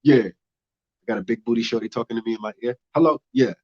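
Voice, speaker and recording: Animated young comedian, lo-fi audio. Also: male voice, medium pitch, quick pace. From United States. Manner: loose, animated, punchy delivery. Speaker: stand-up comedian. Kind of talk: stand-up comedy set. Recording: dull lo-fi audio.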